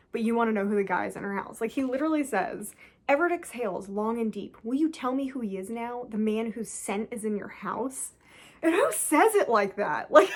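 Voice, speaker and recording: A woman chatting casually as she reviews a book, sarcastic and incredulous, often breaking into laughter. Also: fairly high pitch. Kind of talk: casual chat.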